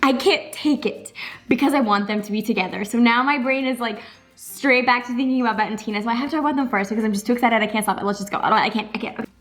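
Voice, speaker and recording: A young woman hosts a casual YouTube reaction recap, her voice a little high and fairly bright over soft background music. She gushes rapidly and rambles, packing her speech with fillers like "like" and "you know."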